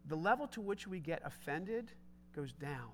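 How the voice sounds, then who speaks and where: A middle-aged man preaching a sermon in an emphatic, conversational way that rises at times into shouts. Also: fairly high pitch, lively intonation, normal speed, a little hiss or hum. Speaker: pastor.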